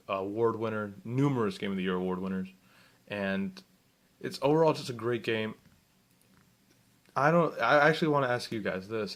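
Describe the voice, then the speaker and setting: A young man rambles through a casual gaming news rundown, often stopping to correct himself and put questions to his viewers. His voice sits a little low, with a relaxed, conversational delivery. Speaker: gaming vlogger. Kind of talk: casual video game news vlog.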